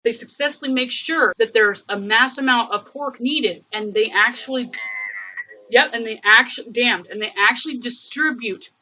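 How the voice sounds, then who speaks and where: A woman chats on her livestream in a bright, forceful voice that sits a little high. She rambles and thinks aloud, full of fillers and restarts. The stream audio is dull and lo-fi. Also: normal speed, a little hiss or hum. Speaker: livestream host. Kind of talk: casual livestream chat.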